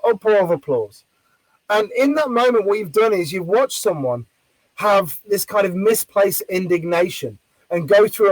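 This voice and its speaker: A man who works as a street performer, telling a story in casual chat, animated and swearing freely. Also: sits high, no room sound, poor audio. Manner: animated, acts out quoted voices loudly.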